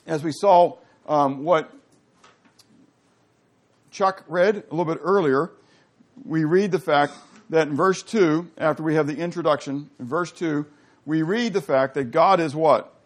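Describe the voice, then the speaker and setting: A man teaching a Bible class, animated and questioning his listeners, rising to loud emphasis. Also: on the high side, unhurried, long pauses.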